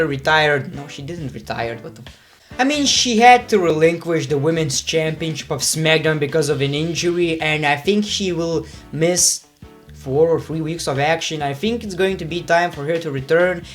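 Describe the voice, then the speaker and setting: A man's voice: a little high, fairly bright tone. A man giving casual, rambling wrestling predictions, swearing freely and cutting himself off mid-sentence. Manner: profane, rambling, self-interrupting.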